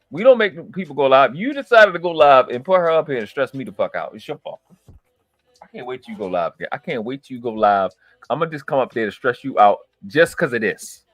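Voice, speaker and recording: A man hosting a live reaction stream, ranting in a profane, exasperated, slang-heavy way, swinging from loud outbursts to low mutters. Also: very animated, a little fast, dry recording.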